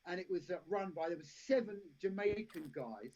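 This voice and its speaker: Brief: male guest, husky, lively storyteller, dull lo-fi stream sound. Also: high-pitched, moderate pace. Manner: rambling anecdotes, frequent restarts, laughs at own stories. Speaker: actor and director, podcast guest. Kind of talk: casual storytelling interview. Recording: lo-fi live stream audio.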